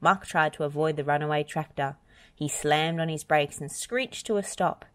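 Gentle lower-voiced woman reading aloud. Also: clean tone. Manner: gentle, expressive, unhurried. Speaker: storybook reader. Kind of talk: children's read-aloud narration.

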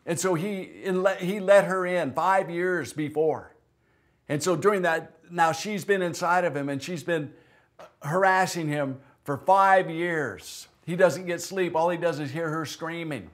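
Pastor guy preaching, chatty storytelling, voice sits a bit high. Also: a little slow. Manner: conversational, tells stories with acted-out quotes. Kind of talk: sermon with storytelling. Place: church.

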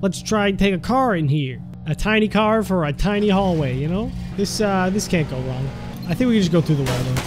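A young man giving excitable gameplay commentary, laughing and talking to the characters on screen. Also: high voice, brisk, noisy background. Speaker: gaming YouTuber. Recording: music playing behind.

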